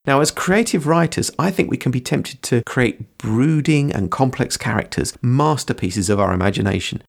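A man hosting a writing podcast, explaining character in measured, scripted teaching narration. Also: medium pitch, lively intonation, gravelly. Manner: measured, explanatory, quotes from books.

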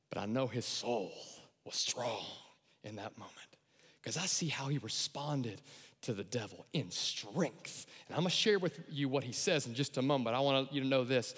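Animated preacher in a reverberant hall. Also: male voice, medium pitch, unhurried, husky. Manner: animated, acts out voices and shouts the key lines. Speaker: pastor. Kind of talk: sermon.

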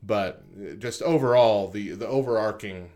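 A man co-hosting a casual podcast, reading statistics from a list with frequent pauses and adding informal comments. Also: on the low side, a little mellow. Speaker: podcast co-host.

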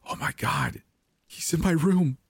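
A man voicing a frightened young woman in a storybook horror reading, high and pleading. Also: expressive, moderate pace, no room sound, clean studio sound. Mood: terrified.

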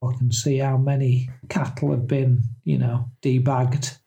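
A man's voice: mid-range voice, little pitch movement, measured pace, vocal fry, warm tone. A middle-aged man, co-hosting a podcast in casual chat, joking and laughing often as he reads out what he finds. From England. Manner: jokey, laughs often, reads out search results. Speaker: podcast co-host.

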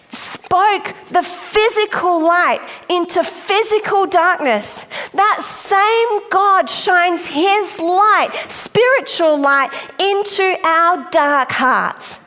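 A woman preaching a sermon, emphatic and deliberate, speaking directly to her listeners. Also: extremely high pitch, a bit bright. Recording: long hall reverb.

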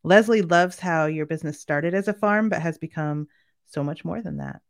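A woman's voice: low-pitched, lively intonation, moderate pace. Woman co-host, easygoing tone, reading out viewer comments. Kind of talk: casual co-hosting.

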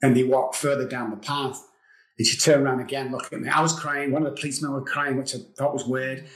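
A man's voice: medium pitch, little pitch movement, fast, a bit bright, slight background noise. A middle-aged man speaks as an interview guest, recounting personal hardships in an earnest, confessional manner. He circles back on phrases to drive them home. The recording has a noticeable roomy echo. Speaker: guest, addiction recovery expert. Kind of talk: emotional personal storytelling.

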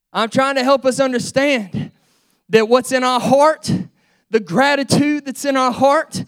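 A man, an assistant pastor, preaching a sermon in an impassioned, shouting preacher's cadence. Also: very high voice, clean tone.

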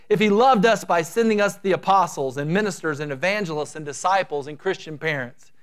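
A middle-aged male pastor preaching a sermon, swinging between loud, drawn-out emphasis and quiet, quick asides. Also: high voice.

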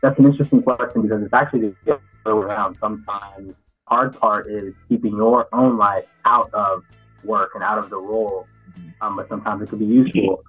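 A man's voice: lowish voice, fairly even intonation, brisk, husky. A man, an actor as interview guest, answering frankly and reflectively, often restarting his sentences. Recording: tinny phone-like line with faint music.

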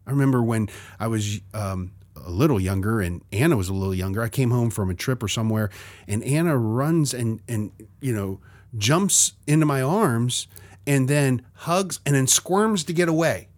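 A man's voice: mid-range voice, moderate pace, a little mellow, dry recording. A middle-aged man in a casual faith conversation, speaking earnestly and reflectively, often telling stories.

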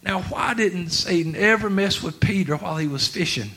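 A man preaching a sermon, dropping to quiet talk and then rising to shouts with laughter. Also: sits high, moderate pace. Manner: swings from quiet to shouting, laughing through lines.

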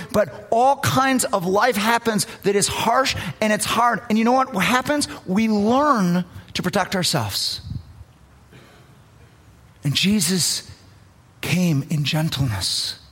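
A woman's voice: mid-range voice, breathy edge. A woman preacher delivering a sermon, telling a story with earnest swells and drops in emphasis.

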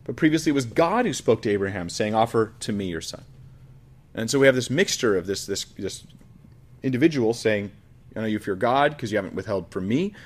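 A man's voice: lowish voice, expressive, fairly quick. Earnest man teaching through scripture. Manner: earnest, reflective, with frequent restarts. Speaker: pastor. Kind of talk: expository Bible teaching.

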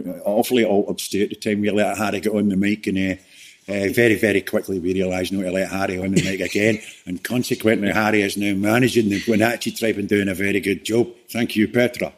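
A man's voice: lowish voice, little pitch movement, fairly quick. A man talking as a guest in a casual interview, rambling with lots of "you know" and restarts.

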